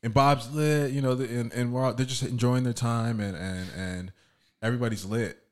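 A man on a podcast telling a story in an animated way and acting out what others said. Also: mid-range voice, normal speed. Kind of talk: casual storytelling.

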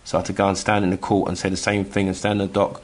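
A middle-aged man from England telling a personal story in casual chat, halting with many restarts and acting out the voices he quotes. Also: low voice, completely flat delivery. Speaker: guest telling his story.

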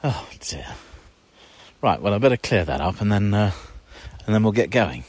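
A man's voice: fairly low pitch, lively intonation, brisk, darkish tone, dry recording. A man hosting a gardening show, chatting wryly and casually while working outdoors in his garden. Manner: chatty, wry and self-deprecating. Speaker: gardening podcast host. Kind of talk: casual walk-and-talk gardening commentary.

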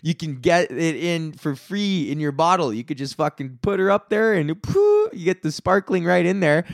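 A man's voice: fairly high pitch, big pitch swings, moderate pace, creaky, no echo, studio quality. A man in his thirties, a comedian hosting his own podcast, ranting profanely with lots of rhetorical questions. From Canada. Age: 30s. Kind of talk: solo comedic rant.

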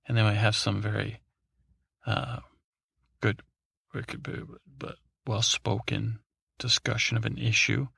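Gravelly man rambling a bedtime story. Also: fairly low pitch, flat delivery, unhurried, pauses often, bright, forceful tone, dry recording. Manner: meandering, drowsy, full of fillers and restarts. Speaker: podcast host.

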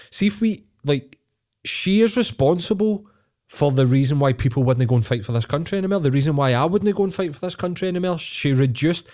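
A man's voice: medium pitch, mellow. A man with a Glaswegian Scottish accent, co-hosting a podcast in casual chat, ranting heatedly and swearing a lot. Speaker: podcast co-host.

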